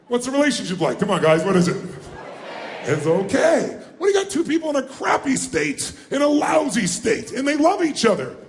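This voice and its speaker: A man giving a live motivational seminar, energetic and firing questions at the audience so they call out answers. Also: extremely high pitch, quick pace, few pauses, reverberant. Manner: energetic, calls out questions and prompts the crowd to answer. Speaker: motivational speaker. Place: large room with a live audience.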